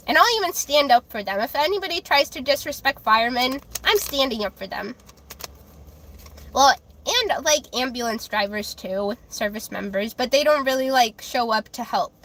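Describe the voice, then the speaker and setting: Angry high-voiced woman ranting. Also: a bit bright, slight background noise. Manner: angry, heated ranting with swearing; halting restarts and repeated words. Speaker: livestreamer. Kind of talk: livestream rant to chat.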